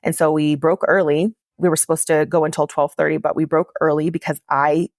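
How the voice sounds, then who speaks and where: Speaking fairly quickly in a deep, level voice, a female podcast host confides a personal story with candor, peppering it with "like." The recording is clean studio sound without any echo.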